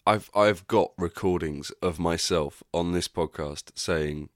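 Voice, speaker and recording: Deep-voiced man, candid podcast monologue. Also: measured pace, hardly any pauses, dry recording, studio quality. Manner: candid, rambling, swears freely. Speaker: podcast host. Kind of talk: casual reflective monologue.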